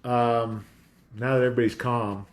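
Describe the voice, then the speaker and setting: A man's voice: mid-range voice, little pitch movement, normal speed. A man hosting a casual talk show from home, rambling in a conspiratorial monologue with a dog nearby.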